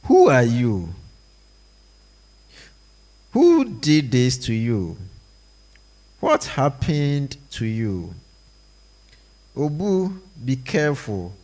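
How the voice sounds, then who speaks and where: Very slow man reading a play aloud. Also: medium pitch, wildly swooping pitch, a little mellow. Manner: slow, deliberate reading of every part and stage direction.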